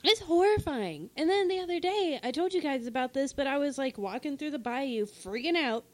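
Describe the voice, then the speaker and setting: Young woman, fairly high voice, chatty, lots of laughing and cursing. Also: moderate pace. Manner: animated, swears casually, laughs often. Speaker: podcast co-host. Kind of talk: casual chat about a video game.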